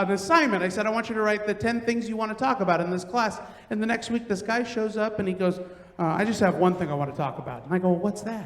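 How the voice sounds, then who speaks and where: A middle-aged man performing a stand-up comedy set, telling loud, animated stories and acting out the quotes. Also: high voice. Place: large theater stage. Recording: roomy theater with long reverb.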